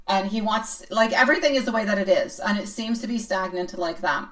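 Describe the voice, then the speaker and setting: Woman, live tarot reader, chatty, playful, mid pitch, a bit far from the mic. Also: fairly bright tone. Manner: chatty, playful, self-mocking, answers chat comments. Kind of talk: live-stream tarot reading.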